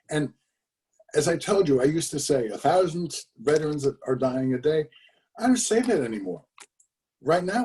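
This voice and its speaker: A man's voice: mid-range voice, a little mellow, far from the mic. Older man storytelling on a video call. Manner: conversational storyteller with fillers and emphatic repetitions. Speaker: speaker telling his father's story.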